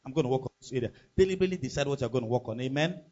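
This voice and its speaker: A man's voice: mid-range voice, animated, rapid-fire, warm tone, dull audio. A man preaching a sermon as pastor, emphatic and full of rhetorical questions to the congregation.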